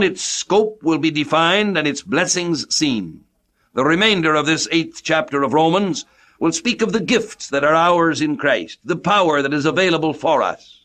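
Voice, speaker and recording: Measured, formal preacher man. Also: on the high side, a bit bright. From United States. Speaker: radio preacher. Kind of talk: radio sermon.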